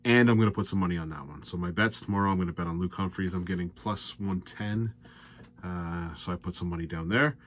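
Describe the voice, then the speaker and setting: A man's voice: brisk, slight background noise. A man with an exasperated, ranting manner, giving darts predictions and betting picks as a host. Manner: ranting, exasperated, loud and high when worked up. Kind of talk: sports betting commentary.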